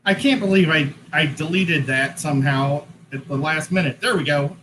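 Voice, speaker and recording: Bright-voiced man chatting on a livestream. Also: on the high side, normal speed, a little hiss or hum, poor audio. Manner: chatty, self-correcting while setting up. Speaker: co-host. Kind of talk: casual livestream chat. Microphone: headset-style hat cam mic.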